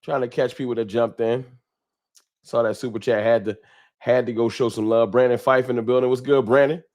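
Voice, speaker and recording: A man's voice: mid-range voice, fairly even intonation, a little fast, darkish tone. Casual man hosting a live stream. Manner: greets viewers by name with slang. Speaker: livestream host. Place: home room with a wall sign. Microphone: desk microphone.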